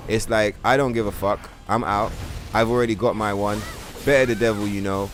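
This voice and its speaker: Soft music plays behind a man with a fairly low, steady voice who talks a little fast while streaming a game. He rants casually, swearing often and padding his rambling commentary with filler, especially "bro" and "like."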